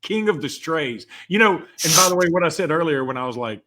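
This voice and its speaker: Animated high-voiced man chatting sports. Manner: animated, laughs often, quick asides. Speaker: podcast co-host. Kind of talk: casual sports chat.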